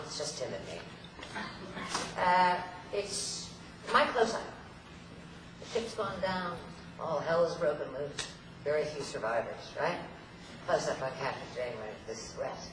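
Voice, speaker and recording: A woman's voice: extremely low pitch, animated, unhurried, background noise. Playful woman telling stories on stage. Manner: theatrical, playful, laughing often. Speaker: convention guest speaker. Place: convention hall stage. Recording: echoey hall, voice far from mic, loud ambience.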